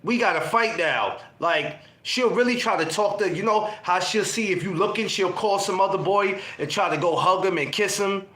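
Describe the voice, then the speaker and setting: A man's voice: high-pitched, normal speed, hardly any pauses. A man co-hosting a podcast, chatting casually and acting out teenage scenes as he tells stories. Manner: animated storytelling, acts out teen scenes. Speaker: podcast co-host. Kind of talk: casual group chat. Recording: roomy room sound.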